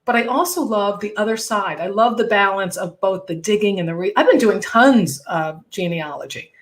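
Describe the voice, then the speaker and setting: A middle-aged woman comedian hosting a casual chat show, talking in a chatty, animated, self-mocking way. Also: medium pitch, moderate pace. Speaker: podcast host and comedian.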